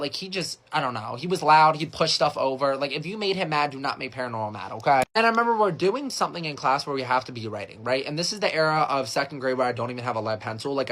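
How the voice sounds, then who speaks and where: A young man telling a casual storytime, animated and filler-heavy, jumping into high voices when he quotes people. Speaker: storytime creator.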